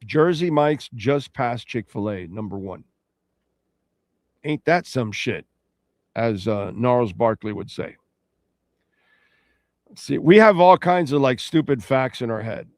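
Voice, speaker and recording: A man's voice: medium pitch, lively intonation, slow, long pauses, dry recording. Middle-aged male sports radio host, casual rambling delivery, dry close-miked sound. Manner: rambling, conversational, reacting to chat.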